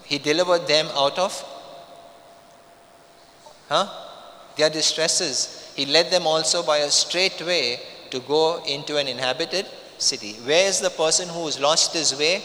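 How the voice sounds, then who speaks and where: Bright-voiced preacher in a reverberant hall. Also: male voice, a little high, a little slow, slight background noise. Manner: repeats phrases for emphasis, frequent restarts. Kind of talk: sermon.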